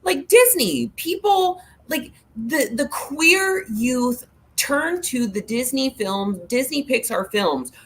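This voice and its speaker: A woman's voice: high voice, animated, slow pace, a little hiss or hum. A woman speaking as co-host in a casual panel chat, passionate, indignant and rambling.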